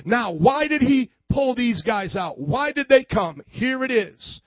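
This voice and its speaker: A man with a very high voice delivers a sermon as a pastor, calling on the congregation to answer back and often breaking into a shout. The sound is dry and close, with a dull, lo-fi quality. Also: sing-song, a little slow, dry recording. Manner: preaching with call-and-response, often shouting.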